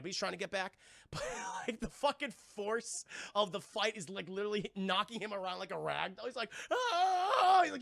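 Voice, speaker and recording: A man with a high-sitting, creaky voice gives an excitable, profane film review on a live stream, speaking directly to his chat and acting out scenes. The sound is clean studio quality with no room sound.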